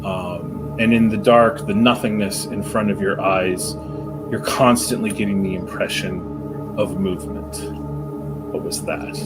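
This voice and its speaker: A man narrating a tabletop role-playing game as game master, describing scenes in a measured way. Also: on the low side, steady tone, over loud music.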